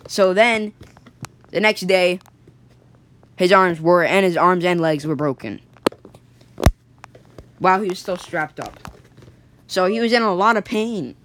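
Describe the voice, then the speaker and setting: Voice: medium pitch, a little slow, pauses often, background noise. A storyteller telling an improvised story in a casual, rambling way, full of fillers and restarts.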